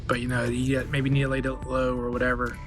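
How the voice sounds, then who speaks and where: A man's voice: mid-range voice, completely flat delivery, fast talker, music in the background, close to an everyday voice. A man voicing a supportive woman reporter in a casual, reassuring way, in his own everyday voice.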